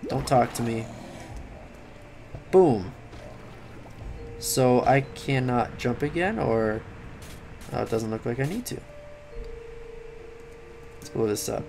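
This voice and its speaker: A tired young man giving late-night game commentary, rambling, swearing and yelling at the game. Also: medium pitch, takes it slowly, gravelly, pauses often, faint music behind. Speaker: gaming commentator.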